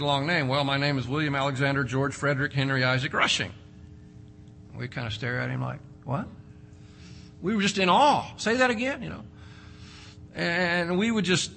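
Male preacher, fairly high and bright, dynamic emphatic sermon. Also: a little hiss or hum. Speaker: pastor.

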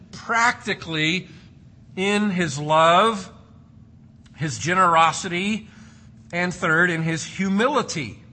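A man's voice: fairly high pitch, bright, forceful tone, slight background noise. A man preaching an expository sermon, emphatic and repeating key words for stress. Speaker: pastor.

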